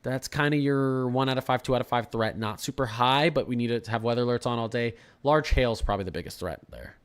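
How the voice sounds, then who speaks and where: A man's voice: mid-range voice, quick pace, clear, resonant tone. A young man from Florida hosting a live weather stream, talking casually about forecasts, repeating and restarting phrases as he reads chat. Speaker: weather livestream host.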